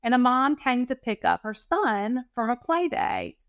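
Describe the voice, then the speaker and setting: A woman telling stories as a podcast guest in casual talk, animated and acting out quoted dialogue. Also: on the high side, a little slow, gravelly, dry recording. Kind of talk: casual storytelling interview.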